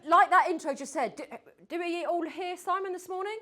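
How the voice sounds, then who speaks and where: A woman giving a lively talk on storytelling to a group, acting out her stories and sometimes dropping to a whisper for suspense. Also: very high-pitched, brisk. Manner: animated, mimics accents, drops to whispers for suspense. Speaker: speaker on storytelling.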